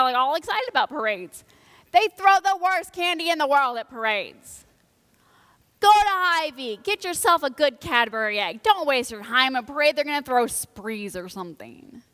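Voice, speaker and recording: A woman preaching a conversational sermon during a live church service. Her delivery is animated, swinging between loud excitement and hushed, grave moments. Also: high voice. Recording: long church reverb.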